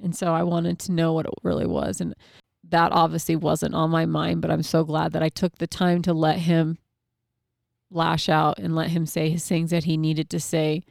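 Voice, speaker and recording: A middle-aged woman shares a personal story about her son in a candid, heartfelt way, full of casual fillers. Her voice sits low and carries a gravelly fry. The recording is dry and close, with no room sound. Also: flat delivery, moderate pace, darkish tone, dry recording. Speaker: mother sharing a parenting story.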